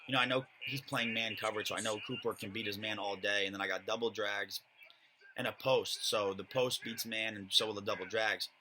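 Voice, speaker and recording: Fast-talking young man narrating his game. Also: fairly low pitch, steady tone, sharp tone, a little hiss or hum, rough recording. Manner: casual, rambling, filler-heavy. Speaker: gamer commentating his own match. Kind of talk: voice-over game commentary.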